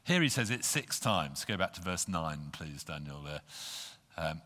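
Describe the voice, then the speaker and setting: A man's voice: low-pitched, very animated, a little slow, bright, forceful tone. A man preaching an earnest sermon to a congregation, reading scripture aloud. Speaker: pastor. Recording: long hall reverb.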